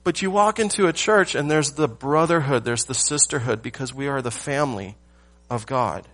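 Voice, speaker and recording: A male pastor delivers a morning sermon in a middle-pitched voice. He leans on key phrases, pauses for weight, and asks the congregation rhetorical questions. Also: a bit bright.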